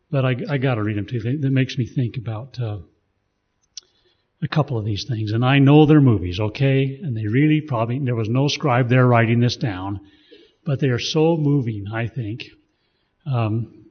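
Man speaking casually to a group, digressive, husky voice, muffled recording. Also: mid-range voice. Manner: rambling, digressive storytelling. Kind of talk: casual talk.

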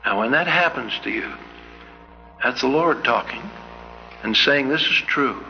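A man's voice: mid-range voice, animated, a little slow, gravelly, faint music behind. An older man from Canada giving an anecdotal sermon as a church speaker, an earnest storyteller who asks many searching questions. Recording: dull lo-fi recording in a reverberant hall.

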